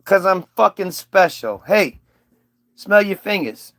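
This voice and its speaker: A man's voice: high-pitched, lively intonation, slow, a bit bright, no echo, clean studio sound, exaggerated voice. A man voicing a sly, wheedling talking snake who coaxes and whispers. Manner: wheedling, conspiratorial.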